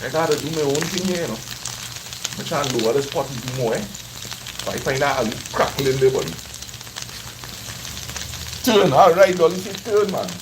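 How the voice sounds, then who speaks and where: A man's voice: on the high side, lively intonation, normal speed, pauses often, noisy background. Chatty Trinidadian man cooking live. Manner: chatty, teasing, addresses viewers directly. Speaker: cooking vlogger streaming live. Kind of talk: casual chat to live viewers while cooking. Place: home kitchen at the stove. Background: frying sizzle.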